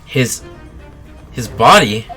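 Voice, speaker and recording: Brief: excitable woman streamer, bright voice, swinging pitch. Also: takes it slowly, faint music behind. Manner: excitable, swearing, laughing. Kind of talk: casual let's-play chat.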